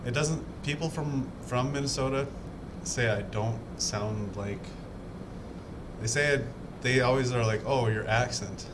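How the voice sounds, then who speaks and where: A chatty man with a North Dakota accent, talking at an ordinary pitch in loose, rambling, self-deprecating asides. He is streaming from home and the recording carries a loud, steady noise beneath his voice. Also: measured pace, long pauses. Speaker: livestream host building a model kit. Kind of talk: casual live-stream chat. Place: home, indoors.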